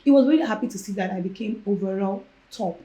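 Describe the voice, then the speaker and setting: A woman's voice: mid-range voice, fast talker. A young woman with a Nigerian accent, a podcast guest who tells her personal story casually and acts out the lines of the people in it. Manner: animated, acts out quoted dialogue. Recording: roomy echo.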